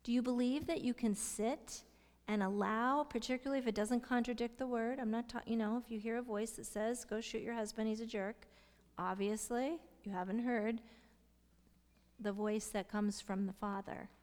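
A middle-aged woman teaching a Bible study, asking her listeners questions and sometimes dropping into soft whispers to stress a point. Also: a little high, steady tone, normal speed. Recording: long hall reverb.

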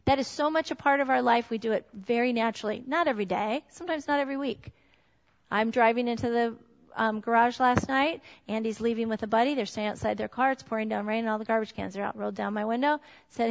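Mom talking to parents, kinda high voice, long echo, dull muffled sound. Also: female voice, a little fast, creaky. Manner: conversational, candid, with a personal story. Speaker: speaker on parenting. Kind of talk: talk to a group of parents. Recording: dull sound in a large reverberant hall.

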